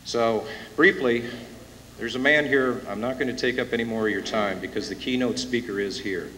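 A man's voice: medium pitch, normal speed. A man emceeing a conference, introducing the keynote speaker with rising emotion. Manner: emotional, building to loud announcements. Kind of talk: impassioned rally introduction. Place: conference hall with a live audience. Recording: echoey hall from far off, hissy tape.

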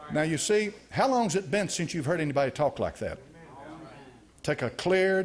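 A male pastor delivering a sermon with a slightly husky, somewhat high voice. His pitch swings widely as he preaches. He hammers his points home by repeating phrases.

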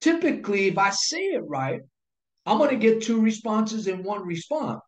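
A man's voice: high-pitched, expressive, moderate pace. A man teaching sales technique in an instructional talk to camera. He speaks emphatically, repeats his key phrases and asks rhetorical questions. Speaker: sales coach. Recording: echoey room.

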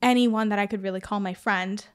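A woman's voice: medium pitch, steady tone, fairly quick, clean tone. A young woman from Iran, a podcast guest, talking casually and filling her sentences with "like.". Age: young adult. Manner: chatty, frequent "like" fillers. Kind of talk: casual interview.

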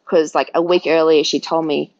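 A woman's voice: low-pitched, steady tone, moderate pace, a little mellow, no room sound, muffled recording. A woman, a podcast guest chatting through her birth story and acting out her own past words. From Australia.

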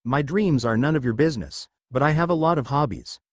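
A man's voice: mid-range voice, fairly quick, no echo, close to an everyday voice. A man voicing an aloof, offhand adult male ninja teacher in a read-aloud fan story.

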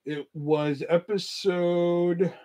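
A man's voice: sits high, fairly even intonation, drawn-out words, dark tone. A young man hosting a podcast, telling a story in a loose, profane, rambling way full of fillers. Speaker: podcast host. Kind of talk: casual storytelling.

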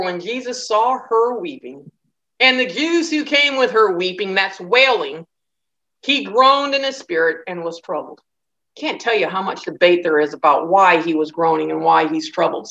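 A woman's voice: medium pitch, bright, forceful tone, highs cut off. A woman teaching a Bible study lecture in a conversational way, reading scripture and acting out the quoted speakers. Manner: conversational, acts out quoted voices.

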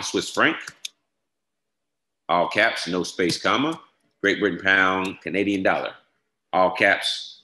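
Low bright-voiced man teaching step by step. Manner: steady, repetitive step-by-step instruction with frequent "all right?". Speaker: trading software instructor. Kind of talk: screen-share tutorial walkthrough. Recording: echoey room.

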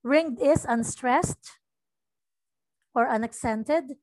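A woman English teacher tutoring a young student in an online lesson, patiently repeating lines slowly to model stress. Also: high voice, a little mellow, no echo.

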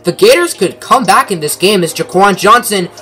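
Young man, gaming commentator, high-pitched, bright voice, play-by-play sportscaster style, dry asides, faint music behind. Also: expressive, moderate pace.

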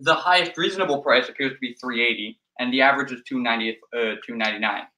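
A man's voice: medium pitch, fast, pushed and bright, roomy sound, low-quality recording. A man helping off camera, reading out prices in a matter-of-fact way. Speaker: helper checking prices off camera.

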